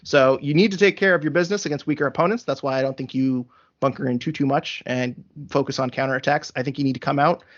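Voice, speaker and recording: A man's voice: medium pitch, fairly even intonation, fast talker. A man hosting a casual sports podcast, talking through numbers methodically with frequent fillers. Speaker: podcast host. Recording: dull lo-fi sound.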